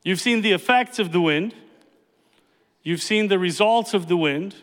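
Emphatic preacher in a reverberant hall. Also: male voice, high-pitched, moderate pace. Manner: emphatic, repeats key phrases. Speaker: pastor. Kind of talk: sermon.

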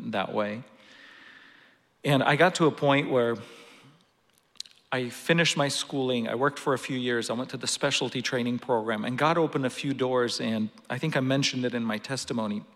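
A man's voice: mid-range voice, moderate pace, a bit bright. A man preaching a sermon, telling a personal story earnestly with some restarts. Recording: long reverb of a large hall.

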